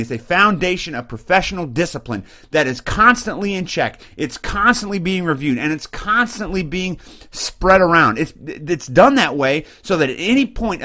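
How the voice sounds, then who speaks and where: Brief: fired-up male podcast host, fairly high voice, blunt and mocking, home computer mic. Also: a bit bright. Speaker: podcast host, Army sergeant. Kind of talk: opinion podcast rant. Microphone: webcam and computer mic.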